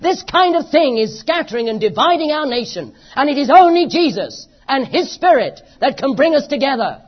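The British-accented preacher is very animated, his high voice moving at a moderate pace. He hammers his sermon home with impassioned emphasis and repeated phrases, heard through a dull lo-fi recording.

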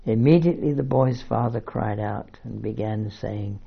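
A man's voice: lowish voice, normal speed, creaky, breathy edge. A man giving a sermon-style bible teaching, reading verses aloud and commenting on them with fillers and asides. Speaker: preacher. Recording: muffled lo-fi recording.

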